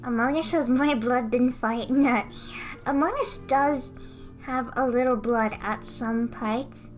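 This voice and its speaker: Slow-talking giggly female streamer. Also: on the high side, steady tone, faint music behind. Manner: giggly, chatty, reads chat aloud. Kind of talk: casual live-stream chat while drawing.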